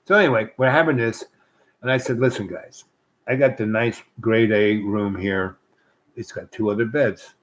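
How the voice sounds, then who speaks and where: Man, rambling storyteller, mid-pitched, loose meandering delivery, frequent asides. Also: low-quality recording. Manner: meandering, with many restarts and asides. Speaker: host.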